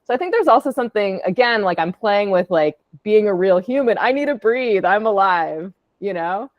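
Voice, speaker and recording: A woman's voice: medium pitch, animated, moderate pace, dry recording, dull audio. A woman, an audio artist, casually presenting her work on a call in a chatty, upbeat way with lots of fillers. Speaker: podcast producer and audio artist.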